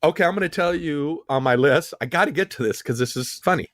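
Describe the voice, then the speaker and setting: A man's voice: a little high, fast talker, a bit bright. A man co-hosting a podcast, telling a story in a teasing, sarcastic way. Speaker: podcast co-host. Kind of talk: casual chat.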